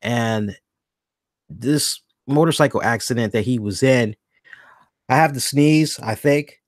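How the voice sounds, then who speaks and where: A man hosting a solo podcast, rambling along in casual talk and stopping now and then to correct himself. His voice sits at an ordinary middle pitch. The recording is dry and close, with no room sound. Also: takes it slowly, dry recording. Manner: rambling, self-correcting, thinks aloud. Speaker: podcast host.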